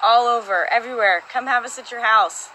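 A woman chatting casually with her partner on a livestream from home, bubbly and quick to laugh. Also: on the high side, pushed and bright, a little hiss or hum, low-quality recording. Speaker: co-host of a livestream. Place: their home.

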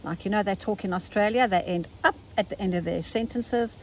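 A South African woman, older, talking casually and gently through an embroidery tutorial step by step. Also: mid-range voice, fairly quick, slight background noise, poor audio. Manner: chatty, gentle step-by-step instruction. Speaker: embroidery teacher.

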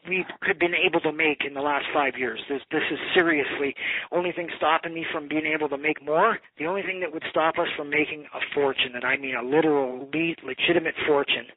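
A man's voice: fairly high pitch, fairly even intonation, brisk, breathy edge. A man telling a long rambling story in a casual phone conversation, swearing now and then. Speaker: bow maker. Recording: tinny phone line.

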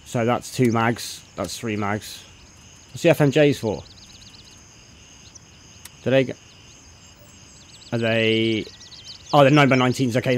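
A young man talks through a game live, thinking aloud as he sorts his gear. He chats casually with his viewers and greets them in a loud, upbeat burst. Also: mid-range voice. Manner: chatty, thinks aloud, greets chat loudly. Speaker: game streamer. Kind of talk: live gameplay commentary.

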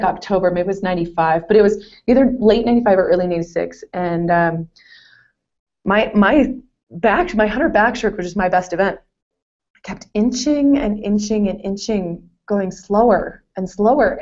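A woman's voice: medium pitch, a little mellow. A woman in her forties, a former competitive swimmer, telling stories in a casual interview with lots of laughter and self-deprecating asides. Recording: dull lo-fi call audio.

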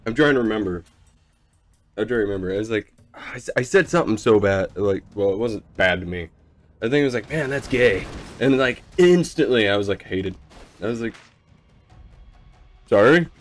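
Deadpan sarcastic man gaming. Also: on the low side, fairly quick, faint music behind. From United States. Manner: sarcastic, deadpan, swears freely; rambling with frequent fillers and restarts. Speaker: gaming channel host. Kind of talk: casual gameplay commentary.

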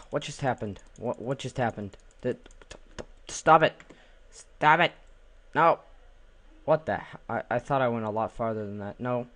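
A young man casually commenting on his own game, joking, exclaiming and chanting silly repeated words at the animals. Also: medium pitch. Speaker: gaming channel host. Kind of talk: casual let's play commentary.

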